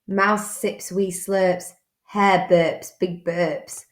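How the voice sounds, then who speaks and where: A woman teacher reading a children's picture book aloud, slow and expressive. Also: lowish voice. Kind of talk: storybook read-aloud. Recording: roomy echo.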